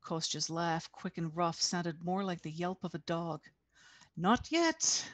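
Lady author reading her book real slow, dry close sound, video call. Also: lowish voice, little pitch movement, no room sound. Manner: measured, deliberate. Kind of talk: expressive reading aloud.

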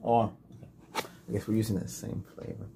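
A man in a whispered role-play as an emergency doctor, giving soft, patient, gentle instructions. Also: fairly low pitch, level tone, moderate pace, vocal fry. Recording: noisy hiss and clicks.

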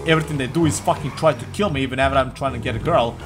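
A young man doing crude, joking commentary over a video game, getting excitable and often yelling. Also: medium pitch, racing, faint music behind. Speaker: gaming commentator.

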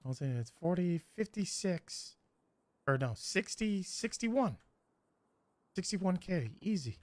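An excitable male streamer chatting casually through a game role-play. His voice swings widely up and down, and he drags his words out unhurriedly, breaking into swearing and laughter. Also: high voice, takes it slowly, dry recording.

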